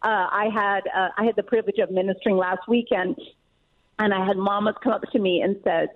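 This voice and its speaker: A middle-aged woman author, a guest in an interview, talking in an emphatic, earnest way with quick laughs. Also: medium pitch, steady tone. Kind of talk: casual interview talk. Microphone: phone call. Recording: tinny phone line.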